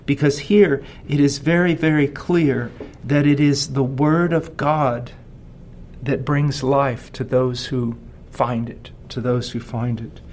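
A man in his forties preaching a sermon as pastor, asking rhetorical questions and slowing down to stress key words. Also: medium pitch, fairly even intonation, a little mellow, slight background noise.

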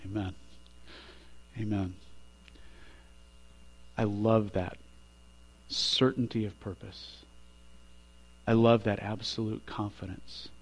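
Preaching man, booming builds over hum. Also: little pitch movement, slow pace, pauses often. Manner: builds to loud emphatic peaks, drops quiet on endings. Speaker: pastor. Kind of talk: sermon.

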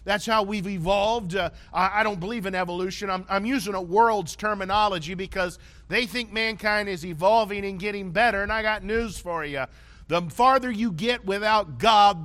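High bright-voiced man preaching a sermon. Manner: conversational preaching with repeated "okay?" checks. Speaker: pastor.

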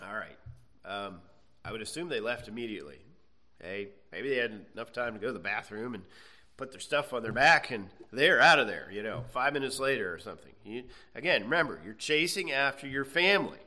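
A man's voice: medium pitch, expressive, normal speed, bright, forceful tone. A man teaching a Bible class, reading scripture aloud and explaining it conversationally, often checking in with "okay.".

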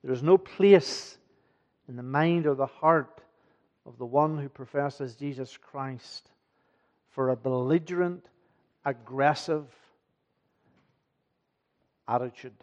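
A pastor preaches an evening sermon to his congregation in church, earnest and emphatic, often posing rhetorical questions. His mid-range voice moves slowly with long pauses, and the sound is lo-fi.

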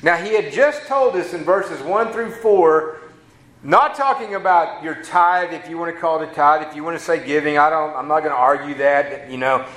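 Folksy preacher in an echoey room. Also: male voice, fairly high pitch, normal speed, fairly bright tone. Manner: folksy conversational preaching with asides. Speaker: pastor. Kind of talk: sermon.

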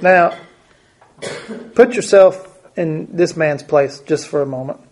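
A man's voice: fairly high pitch, slow pace, darkish tone. A man preaching a conversational Bible teaching, thinking aloud and often repeating his words.

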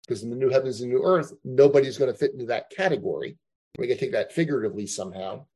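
Guy teaching a bible class, mellow kinda husky voice, chatty, thinks out loud. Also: mid-range voice, racing, rough recording. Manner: thinking aloud, conversational, with frequent asides. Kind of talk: classroom lecture.

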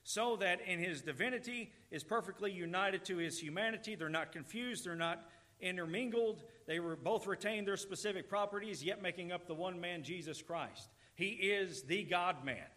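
Speaking at a moderate pace, this pastor gives an earnest sermon in a voice that's bright, forceful, and a touch higher than average. Emphatic repetitions carry each of his points.

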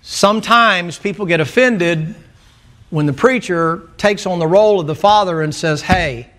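Man, pastor, joking folksy sermon, call-and-response, slightly high voice. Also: unhurried, fairly bright tone.

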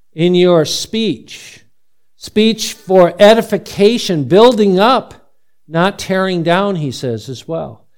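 A middle-aged male pastor preaching a sermon, animated and asking the congregation many questions. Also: on the high side.

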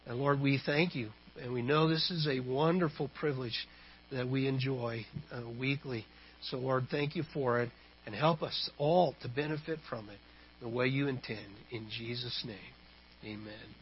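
A male pastor leading a prayer and sermon, halting with frequent fillers. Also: medium pitch, muffled recording, slight background noise. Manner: halting, many fillers and restarts.

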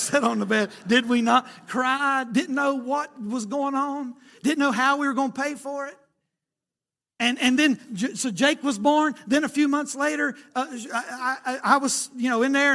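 High, bright-voiced preacher man. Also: fairly even intonation, normal speed. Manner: folksy Southern preaching, storytelling, rising and falling emphasis. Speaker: pastor. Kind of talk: sermon.

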